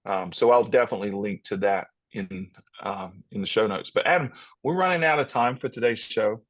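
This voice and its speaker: A man's voice: lowish voice, normal speed, no room sound. A man co-hosting a podcast, talking casually and upbeat, often repeating words as he restarts. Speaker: podcast co-host.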